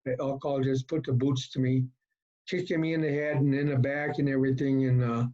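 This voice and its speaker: A middle-aged man from Colorado telling his personal recovery story at a meeting, folksy and halting, with many fillers. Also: mid-range voice, flat delivery, dark tone. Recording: dull lo-fi talk recording.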